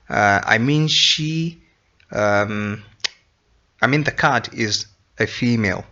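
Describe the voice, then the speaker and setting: A man teaching an English grammar lesson, explaining slowly and repeating each example sentence. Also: medium pitch, pushed and bright, muffled recording.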